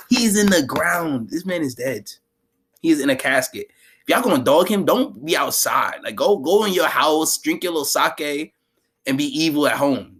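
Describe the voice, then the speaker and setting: A man's voice: fairly high pitch, breathy edge. Slangy man recapping an anime. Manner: slangy, animated, laughs often. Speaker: anime commentator.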